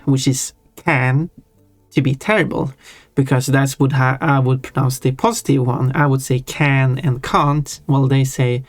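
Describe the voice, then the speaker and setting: Chatting casually as they draw, this live streamer has a mid-range voice and rambles on with self-deprecating musings. There's no room sound, just faint chill background music.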